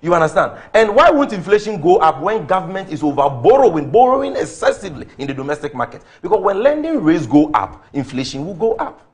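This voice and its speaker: A man's voice: high voice, very animated, fast talker. A man with a Ghanaian English accent arguing politics on a talk show, firing off rhetorical questions and figures. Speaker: political commentator.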